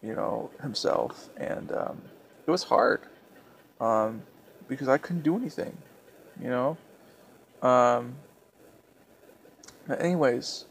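A young man vlogging a personal story, speaking in a halting, hesitant way with many restarts, soft and subdued. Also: mid-range voice, animated.

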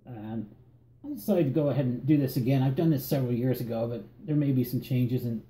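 A man with a Northern Virginia accent reading an accent tag word list in a relaxed, halting way and often repeating words. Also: medium pitch, reverberant. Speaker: vlogger.

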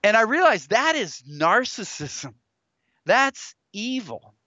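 A middle-aged man with a bright, clear, fairly high voice answers interview questions as a guest author. He talks in an earnest, preacherly manner and mixes anecdotes with quoted scripture. The sound is dry and a little dull and lo-fi. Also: big pitch swings, slow pace, dry recording. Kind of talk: interview conversation.

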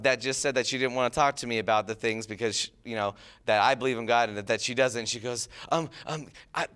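A man in his thirties giving a youth sermon, telling stories casually with many fillers and restarts, then dropping soft and low on key lines. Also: clear, resonant tone. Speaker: youth pastor.

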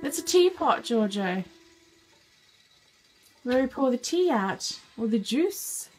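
A woman's voice: a little high, very animated, slow pace, a little mellow, breathy edge, faint music behind. A woman patiently naming pictures in a book with a toddler, praising each answer. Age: adult. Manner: patient, praising, sing-song. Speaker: parent teaching a toddler.

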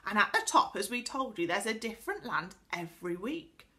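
Cocky grinning boy, read by a woman, knowing tone, lively. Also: medium pitch, fairly quick. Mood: teasing. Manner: teasing, knowing. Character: confident, grinning young boy.

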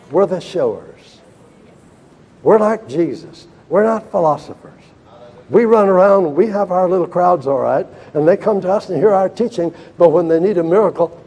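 An older American man preaching a sermon in a church, emphatic, swinging between shouted lines and hushed ones, with a husky voice. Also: sits high. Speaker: evangelist preacher. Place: church hall.

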